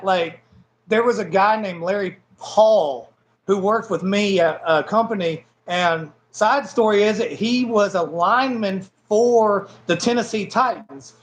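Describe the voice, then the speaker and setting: A man's voice: high-pitched, poor audio. A blunt, profane man in his forties with a Southern American accent, chatting casually as an interview guest and laughing often. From Southern United States. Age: 40s. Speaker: guest wrestler. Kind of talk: casual chat.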